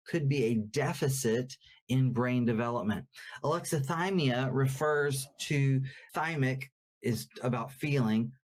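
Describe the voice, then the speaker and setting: A man's voice: medium pitch, a little mellow. Man explaining like a therapist. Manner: explanatory, conversational with fillers and quoted examples. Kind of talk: educational talk.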